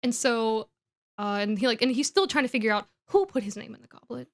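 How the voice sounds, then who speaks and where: A woman's voice: fairly high pitch, expressive, a little fast. A woman co-hosting a podcast, giving a casual comedic recap in a giggly, rambling way. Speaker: podcast co-host.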